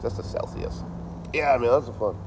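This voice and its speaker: A man's voice: mid-range voice, fairly quick, noisy background. A man in his thirties chatting casually on a livestream, with a dry, joking delivery and a lot of swearing. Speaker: livestream host.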